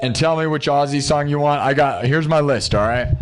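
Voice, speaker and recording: A man's voice: fairly high pitch, fairly quick, slight background noise. A man hosting a live music stream, chatting casually with viewers in an upbeat, rambling way, thinking aloud and restarting his sentences. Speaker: livestream musician host.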